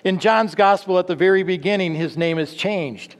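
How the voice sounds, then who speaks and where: A man's voice: high-pitched, moderate pace, long reverb tail. A man preaching a teaching sermon, earnest and full of rhetorical questions, often restarting his phrases.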